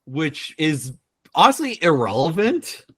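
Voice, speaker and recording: A man with a lively, swinging pitch, recorded dry and close with no room sound. He chats casually and slips in wry, deadpan jokes. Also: a little slow, slightly rough, dry recording. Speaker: podcast panelist. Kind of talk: casual review chat.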